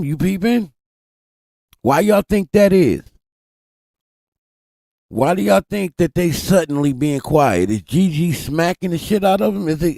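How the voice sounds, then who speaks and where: A live streamer with a fairly high, gravelly voice talks animatedly to his chat. He swears freely and addresses viewers directly, captured on a desk mic with studio-quality sound and no room sound.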